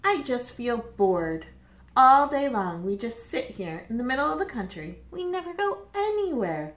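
A woman voicing a bored, restless male state in a picture book, complaining in a drawn-out way, in a roomy space. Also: on the high side, sing-song, voice pushed up. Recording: roomy echo.

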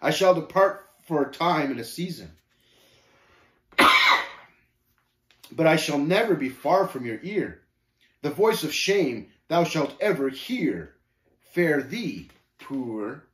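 Brief: man doing a sneering, scornful villain, raised pitch, roomy echo. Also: very animated, slow, long pauses, fairly bright tone, exaggerated voice. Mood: menacing. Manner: sneering, growling, stammering scorn. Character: sneering scornful male villain Shame, bony, bitter.

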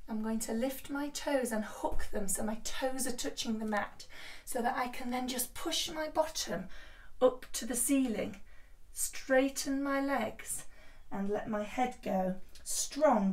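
Lady leading kids yoga, soft encouraging voice, kinda high, echoey room and a bit far from the mic. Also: slow pace. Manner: gentle, encouraging, instructive. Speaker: children's yoga teacher. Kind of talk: guided kids' yoga class.

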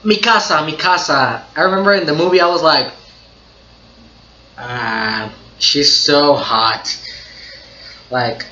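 A man hosting his own anime reaction video, chatting casually. He gets excited, laughs a lot and repeats himself. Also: fairly high pitch, takes it slowly, long pauses. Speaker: anime reaction channel host. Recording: dull, echoey room recording.

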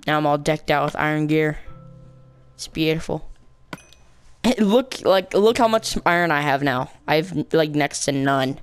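A man's voice: fairly high pitch, expressive, slow pace, pauses often, faint music behind. A man giving casual let's-play commentary as a gaming channel host, rambling playfully, mocking himself and adding silly sound effects.

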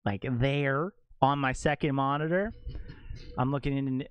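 Excitable young man streaming a game. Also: medium pitch, unhurried, clear, resonant tone, no room sound. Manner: excitable, exclaims and laughs often. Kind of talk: casual live-stream chat. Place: home streaming setup.

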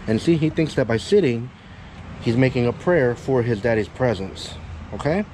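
A talkative male dog trainer explains a training session to a dog owner outdoors beside a parking area with cars, coaching with casual swearing and constant check-ins like "yeah?" and "okay?". His medium-pitched voice is animated and a little mellow, moving at a normal speed. The audio is poor, with slight background noise.

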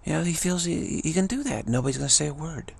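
Fast and on the high side, a gravelly, husky male voice rambles through a spiritual monologue, mimicking others mockingly and frequently starting phrases over.

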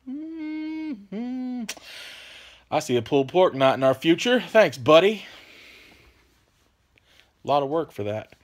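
A man hosting a casual vlog Q&A. He talks in a relaxed, rambling way and apologizes often. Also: on the high side. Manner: laid-back, rambling, apologetic, peppers talk with "man". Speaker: channel host answering viewer questions.

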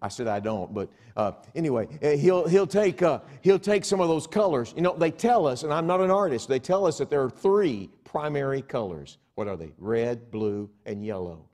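Animated man preaching a revival sermon. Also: mid-range voice, normal speed, few pauses. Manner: animated, swings from soft asides to loud exhortation; conversational, acts out imagined listeners. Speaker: evangelist preacher. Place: church sanctuary.

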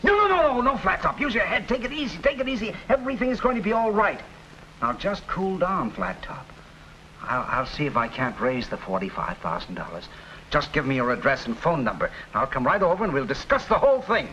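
A man's voice: medium pitch, sing-song, fairly quick, pushed and bright, a little hiss or hum. A man playing a nervous, blustering syndicate boss in a 1940s radio drama, on a dull old recording. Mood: tense. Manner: blustering then pleading.

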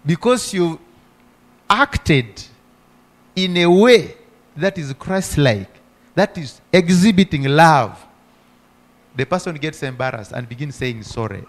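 A man's voice: fairly high pitch, expressive, slow, long pauses. A middle-aged male pastor preaching a sermon. He asks the congregation rhetorical questions and punctuates his points with repeated hallelujahs.

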